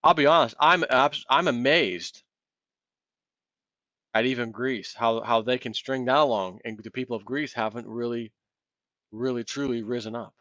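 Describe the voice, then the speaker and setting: A man's voice: mid-range voice, moderate pace, pushed and bright, no room sound, dull audio. A man hosting a solo commentary video, ranting in a heated, impassioned way and acting out imagined callers.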